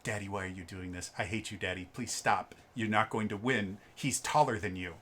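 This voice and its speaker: A man voicing an upset teenage daughter softly pleading with her father in an anecdote. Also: lowish voice, fairly even intonation, brisk, slight background noise, natural voice.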